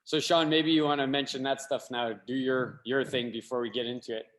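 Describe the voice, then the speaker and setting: A man's voice: mid-range voice, steady tone, brisk, fairly bright tone. Joking man co-hosting over a video call. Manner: joking, teasing, heartfelt in tributes. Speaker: podcast co-host. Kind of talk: casual chat.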